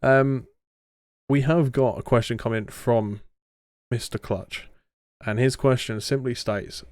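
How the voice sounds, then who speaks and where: A man's voice: mid-range voice, steady tone, slow, darkish tone, no echo, studio quality. A young man with a southern English accent hosts a casual live-stream podcast, reading viewer questions aloud with plenty of fillers and restarts. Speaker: podcast host.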